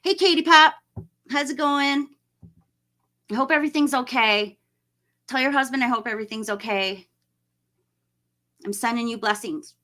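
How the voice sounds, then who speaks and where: A woman's voice: sits high, moderate pace, pauses often, pushed and bright. A woman hosting a casual live stream, chatting and greeting viewers by name, laughing often.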